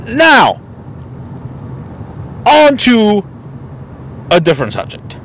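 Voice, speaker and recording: A man's voice: high voice, animated, a little slow, pauses often, fairly bright tone, a little hiss or hum, poor audio. A man hosting a podcast, delivering a blunt, profane opinion monologue. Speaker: podcast host.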